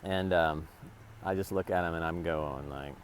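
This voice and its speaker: A man's voice: low-pitched, steady tone, normal speed, a little hiss or hum. A man rambling and swearing in a casual vlog, talking to his phone camera from a parked vehicle. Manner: rambling, profane, talks to camera in bursts. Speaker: vlogger.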